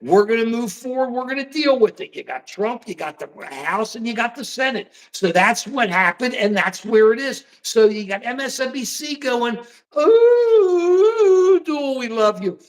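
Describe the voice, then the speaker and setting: A man's voice: very high-pitched, animated, normal speed, hardly any pauses, fairly bright tone. A man from the United States hosting a casual political livestream, rambling and repeating himself with folksy slang. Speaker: livestream host.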